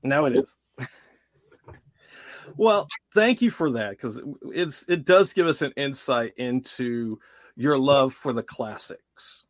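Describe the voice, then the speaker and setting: A man's voice: mid-range voice, takes it slowly, no room sound. A man hosting a podcast interview, enthusiastic and joking with his guest. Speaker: podcast host.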